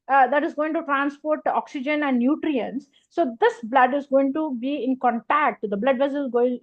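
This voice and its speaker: A woman's voice: fairly high pitch, muffled recording. A woman giving a university lecture, explaining step by step with many fillers and repeated phrases.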